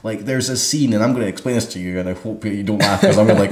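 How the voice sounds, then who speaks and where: A man's voice: fairly low pitch, quick pace, over a noisy crowd. A man chatting about films as a co-host, rambling with lots of fillers and laughing often. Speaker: film club co-host. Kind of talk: casual film chat. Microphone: single microphone in front of a camera. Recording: roomy echo.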